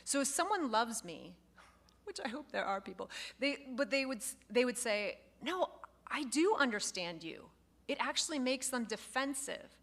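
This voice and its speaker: Bright-voiced woman teaching a class. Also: a little high, moderate pace. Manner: lively, expressive, acts out quoted phrases. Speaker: class instructor. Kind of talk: lecture to a live class.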